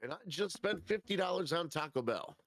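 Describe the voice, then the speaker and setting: A man's voice: a little high, expressive, fairly quick, fairly bright tone, no room sound. A man co-hosting a league stream, chatting enthusiastically and swearing casually. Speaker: league co-host.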